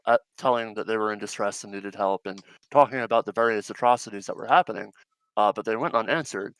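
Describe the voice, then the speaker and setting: Dry, clear-voiced game master man. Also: on the low side, fairly bright tone, no echo, poor audio. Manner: rambling, hesitant with many fillers. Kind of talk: narrating a tabletop game.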